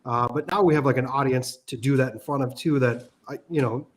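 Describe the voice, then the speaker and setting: A man's voice: medium pitch, brisk. A man from Minnesota hosting a casual livestream, laid-back and loose with fillers. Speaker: livestream host.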